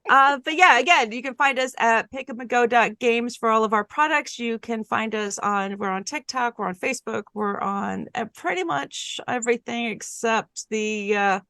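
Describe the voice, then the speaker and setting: A woman's voice: fairly high pitch, normal speed, few pauses, sharp tone, no room sound. A woman casually introducing herself on a podcast, rambling and laughing at herself. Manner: rambling, self-deprecating, laughing often. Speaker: podcast guest player.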